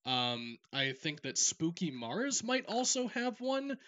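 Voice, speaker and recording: Bright-voiced man giving direct advice. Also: a little high, big pitch swings, slow pace. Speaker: esports caster. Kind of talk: casual podcast talk.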